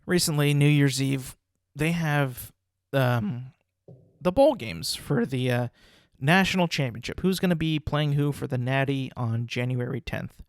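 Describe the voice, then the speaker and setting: A man's voice: medium pitch, unhurried, no echo, clean studio sound. A young man hosting a casual solo podcast, talking in a rambling, profane, incredulous way. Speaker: podcast host.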